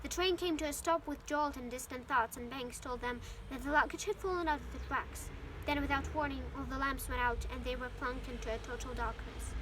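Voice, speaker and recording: Against a noisy background, the woman reads her English novel aloud a little fast in a high voice. Ukrainian is her first language, and she now and then slips and begins a line again.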